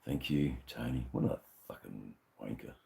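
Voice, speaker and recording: Very deep-voiced Australian bloke rambling. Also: male voice, normal speed, vocal fry, warm tone. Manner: rambling, sweary, laid-back banter. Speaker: livestream host. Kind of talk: casual live-stream chat.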